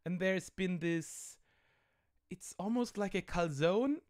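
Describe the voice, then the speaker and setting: A man's voice: high-pitched, takes it slowly, a little mellow. A man with a German accent hosting a casual game commentary, rambling and amused, over an online call mic. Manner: rambling, amused, full of fillers. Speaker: host.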